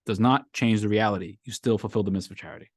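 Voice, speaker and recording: A man's voice: lowish voice, fast talker, no room sound, clean studio sound. A man who is a rabbi giving a conversational Torah class to a live group, explaining ideas and acting out everyday scenarios.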